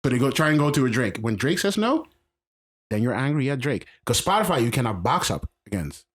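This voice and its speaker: A man's voice: mid-range voice, very animated, brisk. Emphatic man co-hosting a podcast. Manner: emphatic, repeats himself, restarts mid-sentence. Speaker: podcast co-host. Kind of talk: casual chat.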